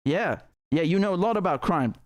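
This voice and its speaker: A man's voice: fairly high pitch, normal speed. A man hosting a live political stream, talking in a heated, sarcastic way with many restarts.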